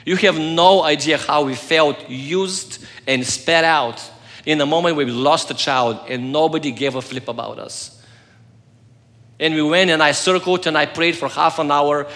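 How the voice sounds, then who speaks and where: Man, pastor, sermon, earnest storytelling, bright tone, long hall reverb. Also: on the high side, normal speed. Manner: earnest storytelling, swings between loud and soft.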